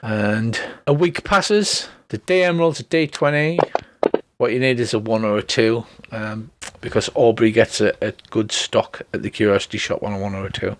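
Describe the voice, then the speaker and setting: A man narrating and chatting as game master of a tabletop game, relaxed and joking with many ums and restarts. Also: lowish voice, normal speed, dry recording. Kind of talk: running a tabletop game over voice chat.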